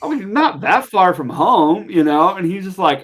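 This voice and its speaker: A young adult man from Montana, a podcast guest telling a story in a casual, animated way, full of fillers. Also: high-pitched, moderate pace, noisy background. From Montana, USA. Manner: animated, chatty, lots of fillers.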